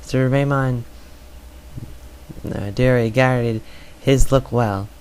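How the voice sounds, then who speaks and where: A man's voice: mid-range voice, steady tone, slow, a little mellow, slight background noise, low-quality recording. A man doing an amateur audiobook reading, stumbling over words and filling gaps with "uh". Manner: stumbling, filler-heavy reading. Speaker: reader.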